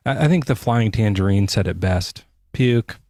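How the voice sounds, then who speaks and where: A male podcast co-host in a casual live chat, crude and joking, with an animated delivery. His voice sits fairly low, and the sound is dry and close. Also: moderate pace, no room sound.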